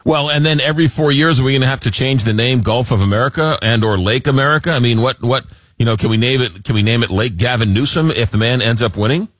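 A man hosting a late-night radio talk show, animated and jokey, often repeating words as he gets going, on a studio microphone. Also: mid-range voice, quick pace, no room sound.

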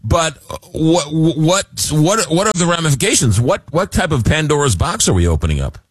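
A man hosting a late-night radio talk show, animated and jokey, often repeating words as he gets going, on a studio microphone. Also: a little high, moderate pace, husky, no room sound.

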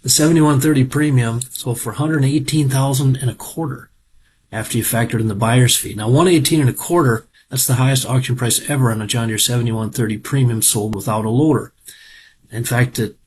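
Middle-aged man, folksy and rambling, casual report, average pitch, faint noise behind. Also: steady tone, fairly quick. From Minnesota. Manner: rambling, folksy, with frequent fillers. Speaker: farm equipment auction reporter.

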